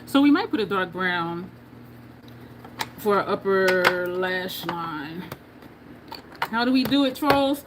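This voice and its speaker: A woman's voice: lowish voice, expressive, unhurried, long pauses, noisy background. A woman from New Jersey with a New Jersey and New York accent, chatting casually with viewers while doing her makeup on a livestream and laughing often.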